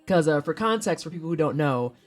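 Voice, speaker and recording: A woman's voice: low voice, fast, faint music behind. A woman in her thirties hosting a live stream, chatting casually and telling profane stories, acting out the people she quotes. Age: 30s. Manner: animated, profane storytelling with exaggerated quoted voices. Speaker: streamer host.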